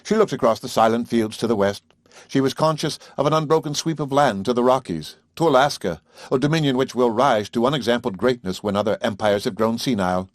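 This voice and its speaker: A man narrating an audiobook of a classic novel in a measured, clear way. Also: mid-range voice, dry recording, clean studio sound.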